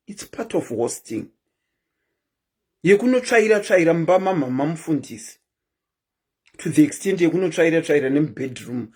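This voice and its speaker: A woman's voice: low-pitched, mellow, husky. A woman hosting a live stream, chatting casually and keeps asking her viewers questions.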